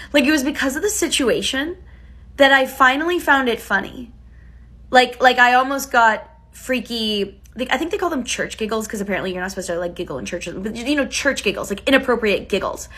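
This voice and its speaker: Bright, wry woman telling a story. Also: fairly high pitch. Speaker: vlogger. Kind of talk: casual story time.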